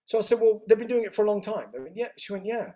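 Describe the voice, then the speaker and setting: Telling a story during an interview, the male guest speaks in a high-pitched voice. His manner is lively, and he plays out the dialogue using quick reported speech.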